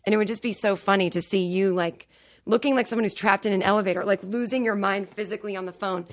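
A woman comedian races through her stories in a rapid, comic storytelling rush. The recording is dry and close, with no room sound around her voice. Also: mid-range voice, fairly even intonation, no room sound. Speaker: comedian guest. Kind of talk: casual podcast chat.

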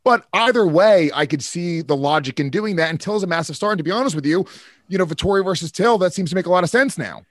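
A man's voice: sits high, expressive, fast talker, dry recording, studio quality. A man co-hosting a casual sports chat, explaining his reasoning and swearing casually. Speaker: podcast co-host.

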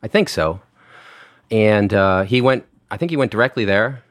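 Deep-voiced man rambling through old stories. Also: moderate pace, no room sound, studio quality. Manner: rambling, animated anecdotes with many fillers and restarts. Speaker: wine director telling restaurant stories. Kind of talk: casual podcast storytelling.

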